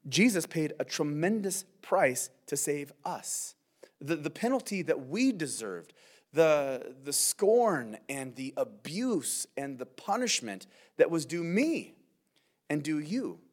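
A man preaches a verse-by-verse sermon in an earnest, conversational way, drawing his listeners in with quick asides. His voice sits a little high and moves a lot, rising and falling through each point. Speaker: pastor.

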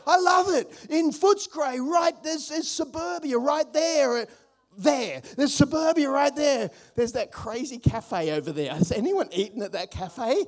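A man's voice: very high-pitched, animated, a little slow. A male pastor with an Australian accent preaching a sermon in a church, emphatic and repeating refrains, with joking asides. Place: church auditorium.

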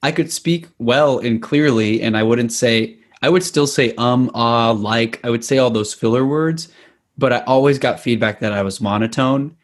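A man's voice: medium pitch, moderate pace. Upbeat American man on a video call. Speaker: podcast guest. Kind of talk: casual chat.

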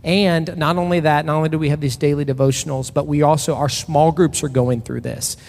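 Gravelly pastor in a reverberant hall. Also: male voice, fairly high pitch, steady tone, brisk, darkish tone. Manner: loose and personal, with frequent restarts and fillers. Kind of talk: casual conversational sermon. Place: church sanctuary. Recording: long reverb in a large hall.

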